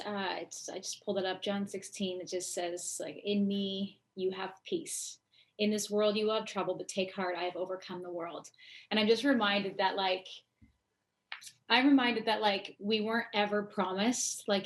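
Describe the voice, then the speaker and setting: A woman worship singer answering as a guest on a talk show, speaking casually and filling her sentences with "like". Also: medium pitch. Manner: casual, lots of "like". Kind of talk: interview answers.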